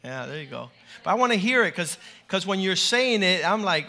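A man preaching a lively sermon in a church to a large congregation, animated and playful, leading call-and-response. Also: high-pitched, a little fast, gravelly.

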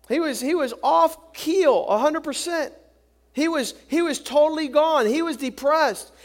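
Male preacher, very high voice, impassioned sermon, dramatic voices, repeats words. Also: a bit bright.

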